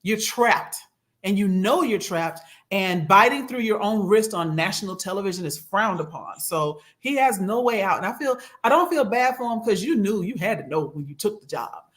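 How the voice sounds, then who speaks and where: Man, podcast co-host, casual political chat, animated, gasps for effect. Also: sits high, moderate pace.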